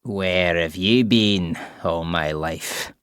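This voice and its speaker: Give me a man voicing a nasal, leering middle-aged creep, deep and unhurried, clear-toned. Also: fairly bright tone, no echo. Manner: slow, oily come-ons.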